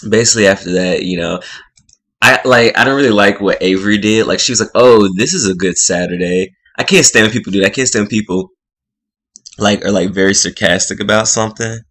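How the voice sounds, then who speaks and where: A man's voice: on the low side, quick pace, fairly bright tone. A man casually recapping a reality show episode in a rambling way, full of filler words. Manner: rambling, full of "like" and "you know".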